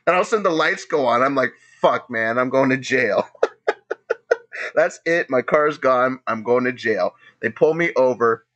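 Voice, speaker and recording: Male host, 30s, loose profane storyteller, chuckles constantly, mid-pitched. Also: moderate pace, a bit bright, highs cut off. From Los Angeles area. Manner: laughs often while telling stories, swears a lot. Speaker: podcast host.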